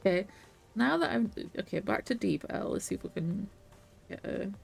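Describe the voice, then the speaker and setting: A woman streamer talks her way through a video game, chatty and casually profane. Her voice sits at a middling pitch with a gravelly edge. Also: animated, normal speed, faint music behind. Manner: chatty, swears casually, laughs often. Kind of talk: live gameplay commentary.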